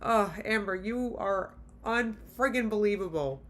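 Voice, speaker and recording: A woman's voice: mid-range voice, unhurried. A woman hosting a reaction video, talking straight to her viewers in blunt, exasperated casual commentary.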